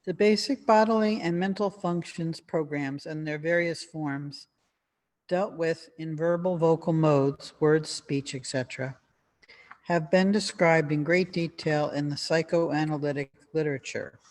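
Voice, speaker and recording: A man reading a formal text aloud to a class in a steady manner. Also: fairly high pitch, a little slow.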